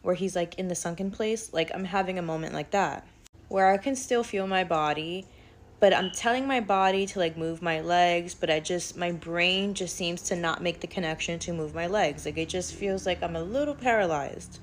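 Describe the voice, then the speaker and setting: A woman's voice: lowish voice, moderate pace, a little hiss or hum. A woman casually telling a personal spiritual story, chatty and rambling, peppered with "like.". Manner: chatty, rambling, heavy use of "like".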